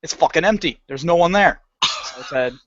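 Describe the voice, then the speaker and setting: A man's voice: a little high, a little fast, dry recording. A man co-hosting a podcast, telling a long profane story in casual chat and acting out what people said. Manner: animated, profane, acts out quoted lines. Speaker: podcast co-host. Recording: dull lo-fi podcast audio.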